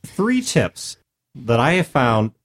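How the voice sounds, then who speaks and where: Lively earnest man giving tips. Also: medium pitch, slow. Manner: earnest, self-deprecating, explains in numbered points. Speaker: podcast co-host. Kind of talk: casual advice talk about tabletop role-play.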